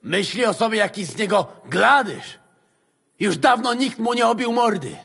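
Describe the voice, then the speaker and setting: An actor playing a hot-tempered, foul-mouthed soldier who talks gruffly. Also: male voice, high-pitched, big pitch swings, normal speed, fairly bright tone, in a large hall, heavily acted. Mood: scornful. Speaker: mercenary.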